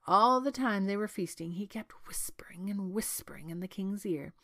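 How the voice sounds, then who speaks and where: Woman storyteller, read-aloud story, expressive, lively. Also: medium pitch, normal speed.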